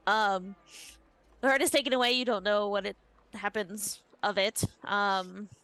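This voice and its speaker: A woman's voice: mid-range voice, slow, sharp tone, no room sound. A woman running a tabletop game as game master, chatty and casual, with frequent laughing asides.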